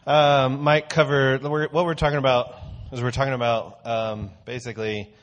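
A man's voice: mid-range voice, little pitch movement, moderate pace, dull audio. A man giving a casual, conversational sermon, telling a story before teaching. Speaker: church teacher.

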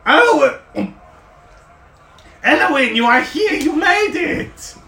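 Man doing a squealing, excitable little warrior. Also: moderate pace, slight background noise. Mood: excited. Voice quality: high, squealing exclamations. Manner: excitable and loud. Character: small excitable male warrior, boisterous and friendly. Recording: roomy, distant mic.

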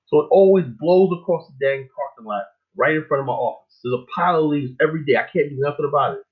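A middle-aged man hosting a show, rambling in a casual monologue with lots of fillers and animated stories. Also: a little high, quick pace. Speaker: show host. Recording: tinny phone-like line.

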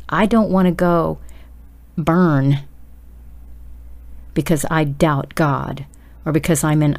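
A woman's voice: low voice, a little mellow. A woman preaching a sermon, urging her listeners on with emphatic, direct appeals. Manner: urgent, emphatic exhortation addressed straight to listeners.

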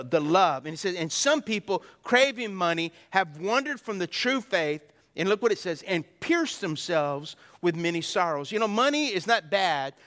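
A man's voice: high voice, sharp tone, big-room sound. A man preaching a sermon in church, folksy and repetitive, often calling for the congregation to respond. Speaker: pastor. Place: church sanctuary.

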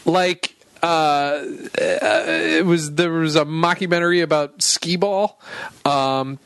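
A man's voice: a little high, steady tone, slow, a bit bright, smooth, dry recording. A man co-hosting a comedy podcast, rambling through stories in casual chat with lots of "um"s. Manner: rambling, trailing off with "um"s. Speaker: podcast co-host.

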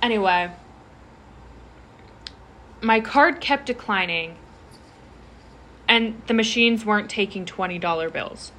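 A woman's voice: medium pitch, slow, pauses often, sharp tone. A young woman telling a rambling story in casual chat, with lots of fillers and restarts.

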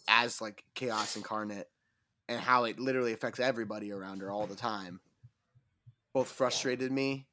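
Casting: male podcast co-host, bright tone, loose and candid, laughs easily. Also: fairly low pitch, no room sound. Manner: candid, laughs often, thinks aloud. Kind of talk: casual chat.

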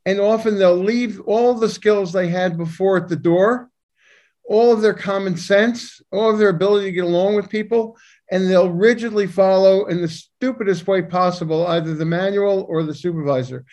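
A man's voice: high-pitched, moderate pace, darkish tone. A man co-hosting a conversational discussion as a psychiatrist, making his points emphatically and with strong opinions. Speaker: psychiatrist and co-host.

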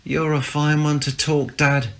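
A man's voice: a little high, flat delivery, unhurried, fairly bright tone, voice pushed up. A man doing a restless, sulky young office junior. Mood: snappy. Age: young adult. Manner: frustrated, sulky.

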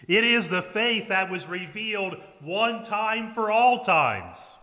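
Bright-voiced preacher man in an echoing hall. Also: high voice, lively intonation, takes it slowly. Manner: earnest preaching, swings between loud emphasis and quiet asides. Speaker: pastor. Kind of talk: sermon. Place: church sanctuary.

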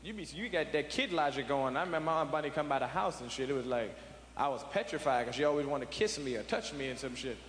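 A male stand-up comedian telling profane, animated family stories. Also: medium pitch, fast. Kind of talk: stand-up routine. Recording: echoey hall with audience noise.

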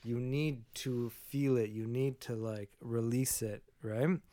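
A man in casual chat about a drama, animated and repeating words as he acts out quotes. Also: mid-range voice, takes it slowly, no echo, studio quality.

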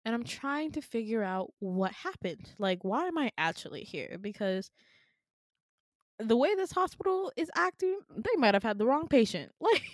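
Lively, sarcastic woman storyteller. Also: on the high side, no echo, clean studio sound. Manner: animated, sarcastic, laughs often. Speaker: podcast host. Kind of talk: casual dream storytelling.

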